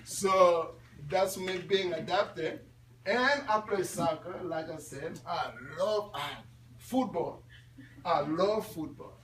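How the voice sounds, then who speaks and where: A man in his twenties giving an animated, laughing talk to students at a school, quizzing his audience. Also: high-pitched, takes it slowly, slight background noise. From Congo. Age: 20s. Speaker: guest speaker at a school. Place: classroom or school hall. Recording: echoey room audio from far off.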